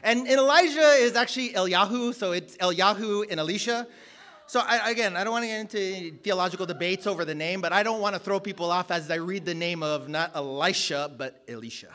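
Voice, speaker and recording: A man preaching a sermon, energetic and joking, rising to shouts at the peaks. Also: high voice, quick pace. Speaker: guest preacher.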